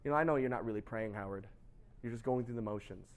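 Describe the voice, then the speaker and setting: A man voicing God as a calm, gently scolding male presence, dropping into a low voice. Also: normal speed. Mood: chiding.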